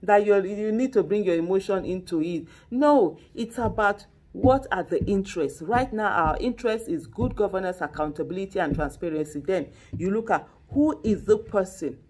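Emphatic husky-voiced woman activist. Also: mid-range voice, lively intonation, moderate pace, hardly any pauses, a little mellow. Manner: emphatic, repetitive, with frequent restarts and rhetorical mock quotes. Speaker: political activist interviewee. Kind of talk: impassioned political commentary.

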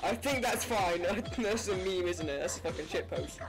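A British man streaming a game, excitable, laughing and swearing as he talks with other players. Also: high voice, normal speed, over music. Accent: British English. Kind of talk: casual gaming livestream chat.

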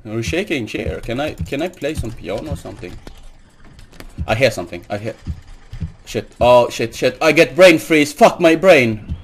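A man's voice: mid-range voice, expressive, normal speed, a little hiss or hum. A man hosting a horror game playthrough, jumpy and nervous, repeating greetings and swearing when startled while claiming he is not scared. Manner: keeps insisting he is not scared. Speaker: gaming video host. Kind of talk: horror game let's play commentary.

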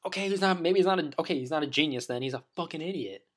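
A man's voice: fairly high pitch, very fast. A man delivering a rambling, profane opinion rant as a vlogger, full of restarts and blunt insults.

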